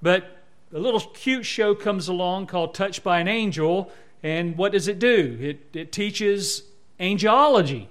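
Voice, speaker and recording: A man preaches an expository sermon in a slightly high voice. He talks easily with his congregation, with asides, and then presses his points with rising fervor. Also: animated, measured pace. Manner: rises to fervent emphasis, conversational asides. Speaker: pastor.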